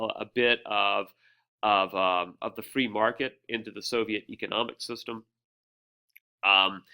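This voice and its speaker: Low-voiced man giving a casual history lecture. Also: sharp tone, clean tone. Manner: casual, hesitant, frequent "uh" fillers and restarts. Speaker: history teacher.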